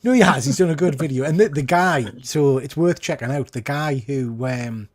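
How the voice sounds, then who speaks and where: Co-hosting a casual podcast about comics, a man rambles in a chatty way and keeps correcting himself. He talks at a normal speed with a fairly high-pitched voice.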